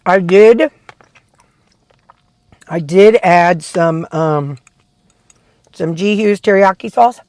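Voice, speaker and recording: A woman's voice: lowish voice, drawn-out words, long pauses, a little mellow. A woman vlogger chatting casually about her meals, rambling and tasting food as she talks. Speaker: weight-loss vlogger. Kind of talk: casual food vlog chat.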